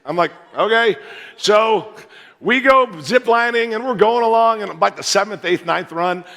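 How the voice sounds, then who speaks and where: An American man in his fifties, a guest pastor telling a joking, animated story in a sermon from a large church sanctuary. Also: sits high, moderate pace, creaky. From United States. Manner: joking, animated storyteller who plays to the crowd. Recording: reverberant church hall.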